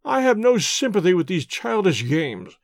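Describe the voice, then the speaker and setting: A proud, irritable middle-aged doctor voiced by a man snaps out short, indignant replies in a raised, lively voice. The storybook reading is dry and close. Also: high voice, moderate pace, vocal fry, no room sound, full character voice. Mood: curt. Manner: curt, indignant, clipped replies. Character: stern, proud middle-aged male doctor, quick to anger.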